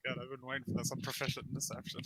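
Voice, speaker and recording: A man's voice: medium pitch, monotone, rapid-fire, noisy background. A man playing in a tabletop game, talking in a hesitant, drawling way. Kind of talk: casual game chat.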